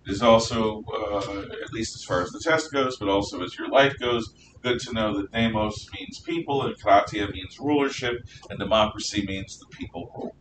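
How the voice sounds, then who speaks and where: A man teaching a history class, lecturing in a lively, opinionated way and sometimes spelling words out slowly. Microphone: distant room mic. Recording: echoey classroom from far off with faint rumble.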